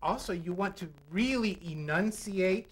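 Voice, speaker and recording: A man's voice: sits high, a little slow, a little hiss or hum, poor audio. A man speaking as a public speaking coach on a studio talk show, explaining technique and acting out examples. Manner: demonstrative, acts out vocal examples. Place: local TV studio.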